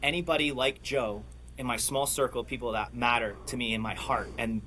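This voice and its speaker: A man guesting on a podcast, telling stories in an animated, excitable way and laughing often. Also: mid-range voice, a little fast, slight background noise. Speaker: podcast guest, clothing brand owner. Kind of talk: casual storytelling chat.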